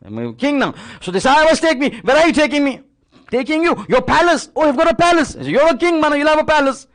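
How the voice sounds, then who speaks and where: A man's voice: very high voice, animated, fast talker, fairly bright tone. A man giving a sermon, retelling a religious story with dramatic repetition and acted-out dialogue. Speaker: religious speaker.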